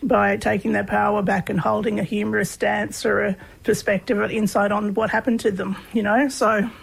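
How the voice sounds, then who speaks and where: An Australian woman, a guest researcher, telling personal stories in a relaxed, chatty way with lots of fillers. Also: mid-range voice, normal speed, vocal fry, breathy edge, rough recording. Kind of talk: conversational storytelling.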